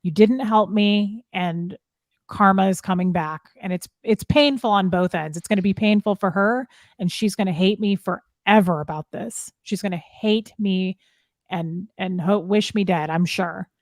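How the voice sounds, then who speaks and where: A middle-aged woman telling a painful personal story, upset and halting, often restarting her sentences. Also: medium pitch, no room sound, clean studio sound. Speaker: guest sharing her story. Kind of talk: emotional personal account.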